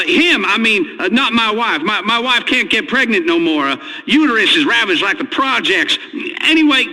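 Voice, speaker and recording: A man's voice: extremely high pitch, bright, forceful tone, in a large hall, exaggerated voice, low-quality recording. An actor playing a nervous, stammering father who calls in to a radio show. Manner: stammering, hesitant. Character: nervous hick male caller, a father. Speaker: caller.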